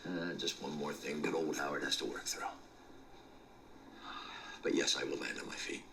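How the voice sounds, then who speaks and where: A man's voice: rumbling low, fairly even intonation, moderate pace, creaky, pushed and bright, slight background noise, heavily acted. An actor playing a bitter middle-aged male lawyer in a TV drama, scornful and accusing. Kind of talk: TV drama acting.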